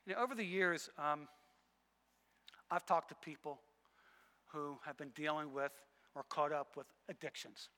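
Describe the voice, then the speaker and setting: A male pastor delivers a sermon in a high, bright, forceful voice. He repeats phrases for weight and drops from loud emphasis to near hush. His voice rings with the long reverb of a large church hall.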